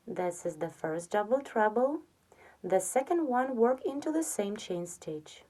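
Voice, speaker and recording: A woman giving a step-by-step crochet tutorial, patiently counting stitches aloud and softly trailing off on the counts. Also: medium pitch, animated, measured pace. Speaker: crochet instructor.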